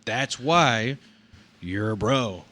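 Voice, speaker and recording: A man's voice: medium pitch, lively intonation, drawn-out words, sharp tone. A man co-hosting a podcast, talking in a rambling, profane, self-interrupting way with crude humor. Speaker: podcast co-host; nursing home worker. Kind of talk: casual podcast chat.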